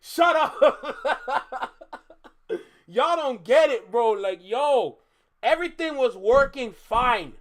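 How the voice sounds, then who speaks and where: A man hosting a live stream, ranting in exasperation at his viewers, repeating himself with bursts of laughter. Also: very high voice. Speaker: live-stream reaction host. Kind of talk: casual live-stream rant.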